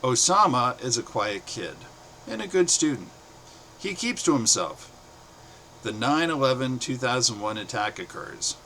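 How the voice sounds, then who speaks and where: Bright-voiced middle-aged man reading stories. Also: medium pitch, big pitch swings, measured pace, creaky, a little hiss or hum. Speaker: author reading his own stories. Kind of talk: reading short stories aloud.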